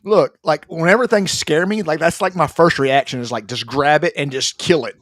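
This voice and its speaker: A man's voice: fairly high pitch, moderate pace, a bit bright, dry recording, clean studio sound. A man, a podcast co-host, chatting casually with jokey, exaggerated reactions. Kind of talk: casual chat.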